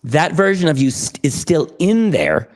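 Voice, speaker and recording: A man guesting on a podcast, telling a client story with energetic enthusiasm and acting out the dialogue. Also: a little high, measured pace. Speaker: podcast guest, therapy program founder. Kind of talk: animated storytelling.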